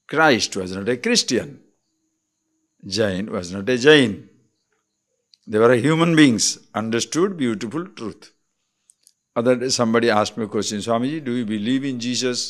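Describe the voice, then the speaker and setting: Slow, deliberate Indian swami. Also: male voice, mid-range voice, expressive. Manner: deliberate, explanatory, asks the listeners rhetorical questions. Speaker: swami, spiritual teacher. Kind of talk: spiritual discourse on scripture.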